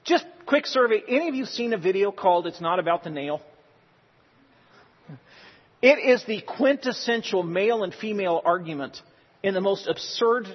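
A man with a high, husky voice preaches a sermon. He exhorts earnestly and slips in joking asides. His voice carries a long reverb, as in a big hall. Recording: reverberant hall, dull lo-fi sound.

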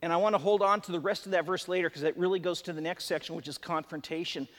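A man's voice: high-pitched, fairly even intonation, fast, a bit bright. A man preaching a sermon to a live congregation, conversational and emphatic, with chatty asides. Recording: long hall reverb.

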